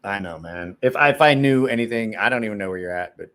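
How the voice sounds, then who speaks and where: A man's voice: on the low side, expressive, fast talker, fairly bright tone. A man hosting a knife live stream, casually telling stories with lots of swearing and laughter, then answering viewer chat off the cuff.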